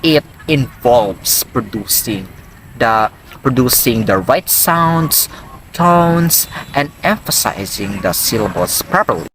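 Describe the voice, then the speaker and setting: Slow, lively-voiced man teaching phonology. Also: mid-range voice, slight background noise, low-quality recording. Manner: repeats sounds and words slowly for the listener to copy; rephrases his own points with "or". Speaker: presenter explaining phonology. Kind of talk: educational lecture.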